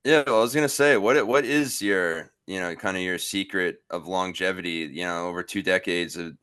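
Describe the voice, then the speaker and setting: A man's voice: deep voice, moderate pace, sharp tone, clear, resonant tone, dry recording. A man hosting a podcast, asking questions in an easygoing, hesitant way. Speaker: podcast host. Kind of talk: casual interview.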